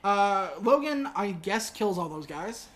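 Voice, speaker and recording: A woman hosts a podcast and recaps a movie in loose, casual chat. She sounds wry and sarcastic and fills her talk with "like" and "uh." Her voice sits at a middle pitch. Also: animated. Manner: wry and sarcastic, with filler words and quick asides.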